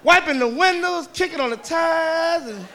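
A male stand-up comedian telling a crude, brash story in a profane, animated style. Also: extremely high pitch, moderate pace. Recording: live club with audience laughter and noise.

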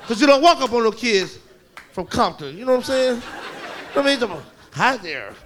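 A man performing profane, animated stand-up comedy storytelling on a club stage, with a laughing audience behind him. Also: extremely high pitch, fast talker, some chatter behind, slight background noise. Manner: profane, animated storytelling with shouted kid voices.

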